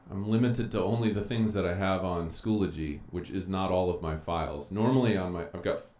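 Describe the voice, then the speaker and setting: A male teacher with a very low voice talks his students through a live stream, chatty and unhurried as he thinks aloud. His voice carries the echo of a bare room, with a faint hiss behind it. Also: a little mellow. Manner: chatty, thinking aloud while clicking around. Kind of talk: casual live-streamed lecture. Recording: echoey room with faint noise.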